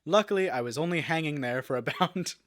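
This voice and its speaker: A man's voice: fairly high pitch, fairly quick. Man telling a story with restarts. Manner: animated storyteller, many fillers and restarts. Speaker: guest, actor. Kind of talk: casual interview storytelling.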